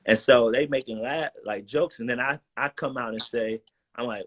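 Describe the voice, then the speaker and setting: A young man, a former college football player, talks over a video call in loose, slangy storytelling and acts out the voices of the people in his stories. His voice is a little husky and sits at a middle pitch. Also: normal speed, a bit bright. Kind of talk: casual storytelling interview.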